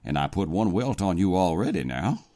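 A man reading a gruff, swaggering president in a comic podcast reading, laughing often. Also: deep voice, sing-song, moderate pace, dark tone, no room sound. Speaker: comedy podcast co-host.

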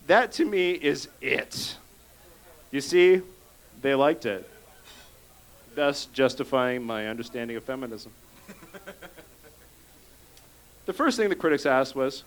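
A man's voice: medium pitch, lively intonation, unhurried, long pauses. A man reading aloud on stage at a comedy event in an emphatic, mock-boastful way. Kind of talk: comic live reading.

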